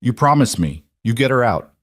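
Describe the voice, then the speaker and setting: A man voicing a weary, frightened woman with an Eastern European accent who talks in flat, clipped, broken phrases. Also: mid-range voice, normal speed, dry recording, studio quality, natural voice. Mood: flat, desperate.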